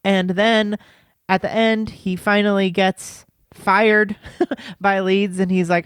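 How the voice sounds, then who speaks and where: A man's voice: sits high, fairly even intonation, normal speed, a bit bright, clear, resonant tone, dry recording. Dry-voiced man, casual film chat. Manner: laughing, loose retelling with profanity. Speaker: podcast co-host.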